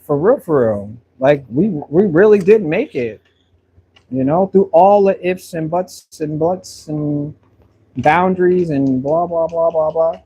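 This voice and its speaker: While livestreaming his painting, a man chats in a casual, rambling, long-winded way packed with fillers. His voice sits on the high side, warm in tone with a breathy edge.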